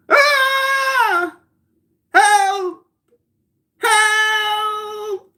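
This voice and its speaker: A man's voice: very high voice, bright, forceful tone, voice pushed up, exaggerated voice. A man voicing a terrified sleeper crying out from a nightmare, read aloud from a story.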